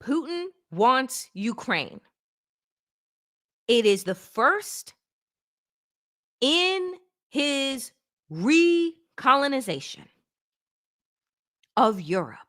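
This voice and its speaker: With a high, lively voice and no rush, a woman hosting a political program offers opinionated takes. Her manner is blunt, emphatic and sarcastic, with plenty of swearing.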